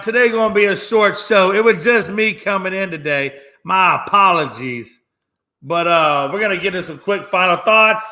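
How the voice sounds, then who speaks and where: Pushed and bright, this man's high voice carries a solo rant on the sports talk show he hosts. He's emphatic and mocking, with lines repeated for effect.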